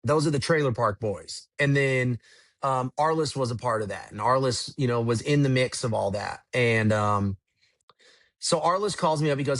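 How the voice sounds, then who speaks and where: Man in his own voice, unhurried podcast storyteller, rambling and relaxed, mid pitch, dry close sound. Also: no room sound. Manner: rambling, laid-back, swears casually. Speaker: podcast guest, tour manager. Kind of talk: casual storytelling.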